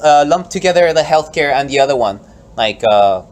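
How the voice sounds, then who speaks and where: Animated swearing man hosting a podcast. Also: on the high side, normal speed, slight background noise. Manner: animated, hesitant restarts, swearing. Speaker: podcast host. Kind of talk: casual debate chat.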